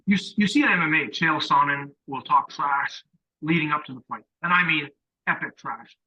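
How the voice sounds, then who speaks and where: A man's voice: a little high, normal speed, sharp tone, husky. A man co-hosting a podcast, ranting sternly and profanely in casual chat. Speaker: podcast co-host. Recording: dull, muffled audio.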